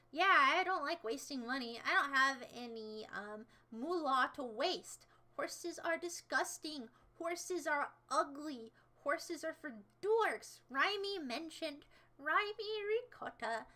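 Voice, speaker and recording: Bright, high-voiced playful woman streamer. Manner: playful, jokey, self-mocking. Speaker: livestream host. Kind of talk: casual chat reading viewer comments.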